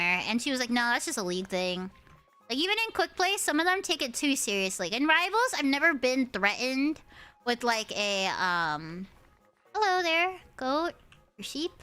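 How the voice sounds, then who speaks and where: A woman in her early twenties with a high, cute, anime-girl-like voice, chatting and ranting with lots of swearing while streaming a game. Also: clean tone. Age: early 20s. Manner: animated ranting with frequent swearing. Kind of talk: casual gaming stream chatter.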